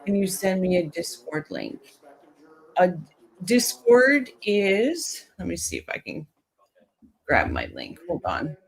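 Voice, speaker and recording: A woman's voice: on the low side, huge pitch swings, takes it slowly, creaky, long pauses. A woman hosting a true crime livestream, chatting casually with viewers and reading their comments while coming down with a cold.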